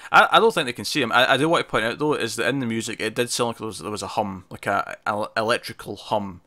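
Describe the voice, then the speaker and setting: A man's voice: on the low side, fast, sharp tone. A man co-hosting a casual TV review discussion, chatty, with many fillers and restarts. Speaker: podcast co-host.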